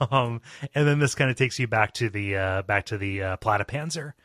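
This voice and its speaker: A man's voice: fairly low pitch, normal speed, a bit bright, no echo. A man co-hosting a podcast in casual chat, laid-back and joking, laughing often. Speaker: podcast co-host.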